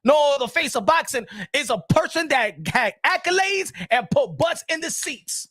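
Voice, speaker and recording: A man's voice: very high-pitched, animated, normal speed, a bit bright, no room sound, studio quality. A man hosting a boxing talk show, ranting emphatically and switching between English and Spanish. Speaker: boxing channel host. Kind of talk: animated rant.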